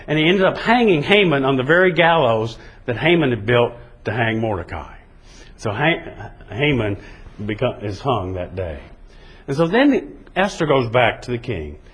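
A man retelling a Bible story in a conversational, animated way. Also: fairly high pitch, breathy edge, low-quality recording. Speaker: Bible teacher.

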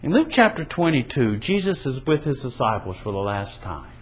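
A man's voice: medium pitch, big pitch swings, moderate pace, husky, poor audio. A man preaching a sermon in an earnest, emphatic way, his delivery rising and falling. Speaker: pastor.

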